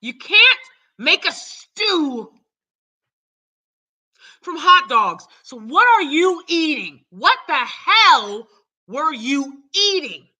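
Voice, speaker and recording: A woman hosting her own live stream, ranting loudly and cursing heavily in casual talk. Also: high voice, sing-song, very slow, long pauses, rough recording. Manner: loud, profane, heated. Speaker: channel host.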